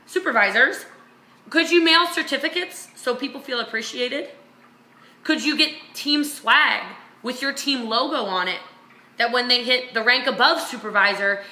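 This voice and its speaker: Bright, high-voiced woman coaching emphatically. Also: reverberant. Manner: energetic, emphatic, repeats phrases for effect. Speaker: business coach and vlog host. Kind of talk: motivational talk to her sales team.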